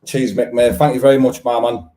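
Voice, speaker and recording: A man's voice: medium pitch, steady tone, brisk, dark tone. A man hosting a podcast, chatting in a friendly, matey way and calling people mate. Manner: friendly banter, calls people mate, laughs often. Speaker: podcast host. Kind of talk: casual interview chat.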